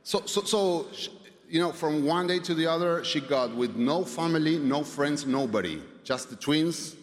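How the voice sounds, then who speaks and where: A man sharing his personal story at a recovery meeting, halting, with many fillers, restarts and swearing, and some wry humor. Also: fairly high pitch, lively intonation. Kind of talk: personal testimony. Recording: reverberant hall, faint background noise.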